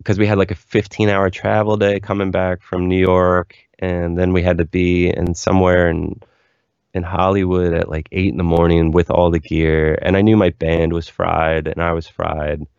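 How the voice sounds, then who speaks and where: A young man with a very deep voice and a gravelly, fry-laden texture tells his story candidly, looping through "like" fillers as he goes. The recording is dull, lo-fi and dry. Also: level tone, moderate pace, darkish tone, dry recording. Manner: rambling, candid, lots of "like" fillers. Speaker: musician guest. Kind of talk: casual interview storytelling.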